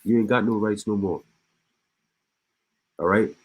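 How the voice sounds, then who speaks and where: A man's voice: on the low side, unhurried, rough recording. A man reading news aloud and adding his own commentary, stopping often to laugh or repeat himself. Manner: reads news aloud and breaks off with laughs and asides; repeats and restarts words. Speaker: online commentator.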